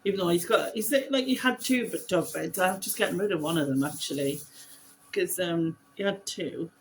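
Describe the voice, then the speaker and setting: A woman's voice: lowish voice, moderate pace, slight background noise, poor audio. A woman, chatting casually and giggling at herself while crafting on her vlog. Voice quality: giggly, self-deprecating, chatty. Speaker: vlogger host.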